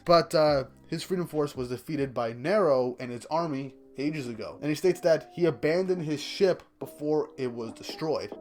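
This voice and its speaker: A man with a somewhat high voice recaps a manga chapter in a relaxed, conversational way. He chats freely and keeps laughing between points. Clear background music plays under him. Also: normal speed, hardly any pauses. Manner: chatty, often breaks into laughter. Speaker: manga reviewer. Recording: music playing behind the voice.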